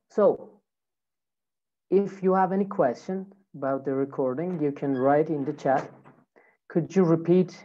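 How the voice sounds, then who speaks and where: A woman with an American accent teaches pronunciation online. Her voice is low and mellow, and she speaks slowly, repeating each word for her learners. The audio is dull and lo-fi. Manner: slow, repeats words for learners. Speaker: English teacher.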